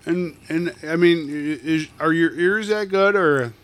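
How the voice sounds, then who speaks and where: Slow-talking man reacting in chat. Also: a little high, fairly bright tone. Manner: listens and reacts with short replies. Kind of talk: casual chat.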